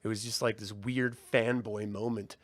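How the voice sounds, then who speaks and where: A man co-hosting a casual review podcast, talking in an animated way, swearing and mocking in impressions. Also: on the low side, normal speed, no room sound. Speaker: podcast co-host.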